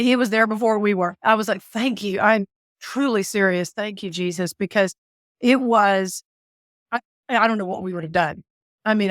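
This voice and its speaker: Woman, animated storyteller, dry close mic, mid pitch. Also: no room sound. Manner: animated storyteller, laughs often. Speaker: guest, author and former caregiver. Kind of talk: storytelling interview.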